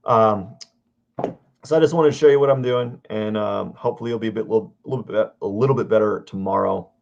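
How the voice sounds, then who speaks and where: A man casually talking through a drawing livestream, rambling and halting as he searches for words. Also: lowish voice, creaky, dull audio. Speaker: artist streaming a drawing session.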